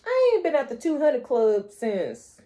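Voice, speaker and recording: A woman's voice: high-pitched, wildly swooping pitch, measured pace, dark tone. A woman vlogger, chatting playfully to her viewers and calling them honey and child. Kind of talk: casual chat to camera.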